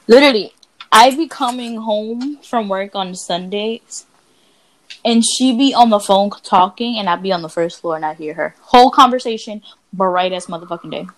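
Speaking at a normal speed in a mid-range voice, this podcast co-host of Dominican background chats casually. Her storytelling is blunt and profane.

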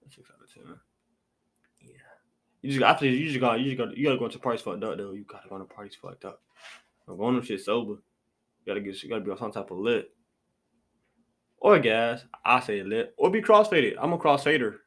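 A man's voice: medium pitch, fast talker, fairly bright tone. A young man hosting a casual podcast chat, loose and slangy, repeating his phrases as he goes. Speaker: podcast host.

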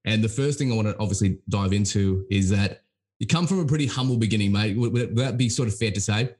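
Teasing Australian bloke hosting a podcast. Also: male voice, on the low side, quick pace. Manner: blokey, teasing, repeats words when excited. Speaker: podcast host. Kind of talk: casual interview chat.

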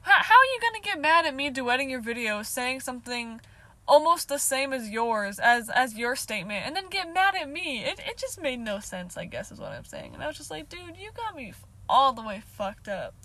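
A woman's voice: high voice, big pitch swings, brisk, bright, forceful tone. A young woman in her twenties telling a casual storytime to her viewers, talking loosely with a lot of filler and swearing, laughing now and then. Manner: chatty, heavy filler "like", frequent swearing, laughs often. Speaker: vlogger.

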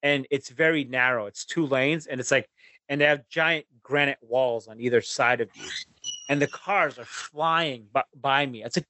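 A man telling a road trip story in casual podcast chat, animated and swearing, acting out his own rants. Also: medium pitch, moderate pace, no echo.

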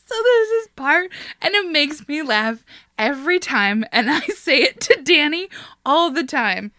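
A woman's voice: sits high, sing-song, a little slow, pushed and bright, no echo, studio quality. A woman co-hosting a podcast, telling a story in casual chat, laughing often and swearing freely. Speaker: podcast co-host.

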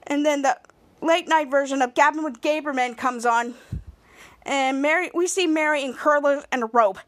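A woman's voice: high voice, moderate pace. A woman podcast host giving a chatty, giggly recap of a TV episode, often restarting her sentences.

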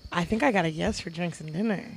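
A woman's voice: fairly low pitch, fast, husky. A woman in her twenties hosting a podcast, teasing and chatting casually with friends. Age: 20s. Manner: playful, teasing, interrupts. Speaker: podcast host. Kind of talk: casual chat.

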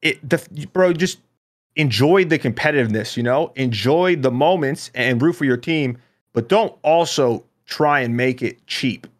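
A man co-hosts a casual esports podcast and rambles through his points, restarting sentences and swearing as he gets worked up. His voice sits at an ordinary middle pitch. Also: moderate pace. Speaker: podcast co-host.

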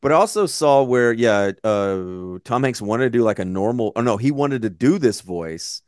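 A man's voice: medium pitch, lively intonation, normal speed, a little mellow, no echo, clean studio sound. A man co-hosting a podcast, chatting casually about a movie in a blunt, profane, rambling way. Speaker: podcast co-host. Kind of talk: casual movie-review chat.

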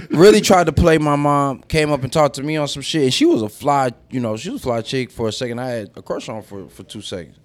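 A man's voice: mid-range voice, lively intonation, brisk, dry recording. A man on a casual podcast, animatedly telling a story, acting out quotes and swearing freely. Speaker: podcast co-host.

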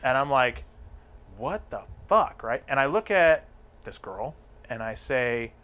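A man spins a crude story in relaxed conversation, cursing freely. He slips into quick voiced quotes of the people in it. His pitch sits in an ordinary middle range. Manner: crude, profane, acts out other people's lines. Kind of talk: casual storytelling chat.

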